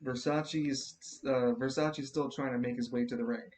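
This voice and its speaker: A man narrating as game master in a tabletop role-playing game, casual, quick to swear and restart his sentences. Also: mid-range voice, fairly even intonation, darkish tone.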